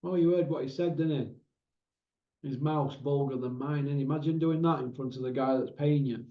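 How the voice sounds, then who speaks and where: A man's voice: mid-range voice, normal speed, highs cut off. Exasperated man ranting, roomy sound. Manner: exasperated, leans on tag questions. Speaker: boxing commentary host. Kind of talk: casual ranting commentary.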